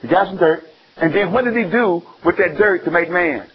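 A man from Alabama, preaching an animated sermon full of questions to his listeners. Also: high voice, moderate pace. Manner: animated, call-and-response, exclaiming. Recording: dull lo-fi sound.

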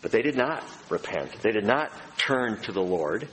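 Animated male preacher in an echoing hall. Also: lowish voice, moderate pace, a little hiss or hum. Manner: animated preaching, dramatizes quoted voices. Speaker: pastor. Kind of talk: sermon. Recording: reverberant hall, faint room ambience.

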